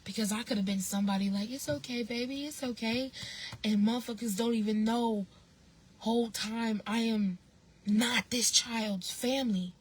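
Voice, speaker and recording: A woman's voice: medium pitch, steady tone, normal speed, a little hiss or hum, rough recording. A woman vlogger telling a story in a casual monologue, blunt and emphatic, swearing freely and repeating phrases for emphasis.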